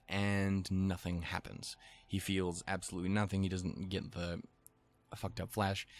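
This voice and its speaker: Low-voiced man rambling through an anime recap. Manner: rambling, profane, chuckling asides. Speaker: anime reviewer. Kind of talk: casual episode recap commentary.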